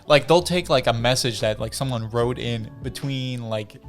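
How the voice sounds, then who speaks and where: A man's voice: medium pitch, moderate pace, soft background music. A young man chatting casually, rambling with lots of fillers and restarts. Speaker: podcast co-host. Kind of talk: casual chat about anime.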